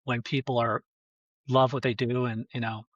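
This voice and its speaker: A man talking as a guest in a casual conversation, halting and restarting often, heard on dull lo-fi audio. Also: medium pitch, little pitch movement, no echo. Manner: halting, many restarts and fillers. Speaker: filmmaker guest.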